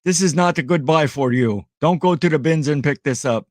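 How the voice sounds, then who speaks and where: A man's voice: a little high, brisk, a little mellow, dry recording, studio quality, voice pushed up, lightly acted. A man voicing a fellow reseller in a mock Russian accent, in a raised, warning tone.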